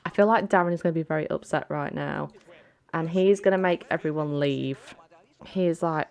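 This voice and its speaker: Gaming host, woman, excitable casual commentary, dry close sound. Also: low-pitched, normal speed, creaky, clear, resonant tone, no room sound. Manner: excitable, chatty, gasping in shock.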